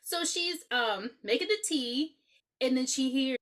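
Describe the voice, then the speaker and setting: A woman co-hosting a podcast, reviewing a horror movie in a casual, animated, profane chat and laughing often. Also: high voice, unhurried. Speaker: podcast co-host.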